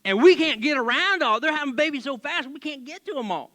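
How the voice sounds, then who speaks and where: A man's voice: extremely high pitch, a little fast. A man preaching as a pastor in a church, telling a Bible story casually with jokes and acted-out voices. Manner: animated, joking, acts out voices.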